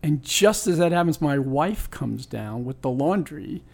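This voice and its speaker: A man's voice: fairly high pitch, lively intonation, a little slow, gravelly, a little mellow. A man in his sixties from New York, a sports team owner, tells a personal story in an interview. He is reflective and earnest and often restarts his sentences. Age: 60s.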